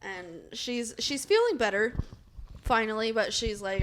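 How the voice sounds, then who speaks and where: A woman's voice: on the high side, measured pace, noisy background. A woman co-hosting a podcast in casual chat, giggly and swearing freely. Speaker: podcast co-host.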